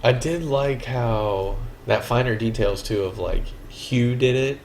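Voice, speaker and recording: A man's voice: medium pitch, unhurried, darkish tone, slight background noise, poor audio. A man co-hosting a casual movie review chat, rambling and acting out film lines in silly voices. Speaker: podcast co-host.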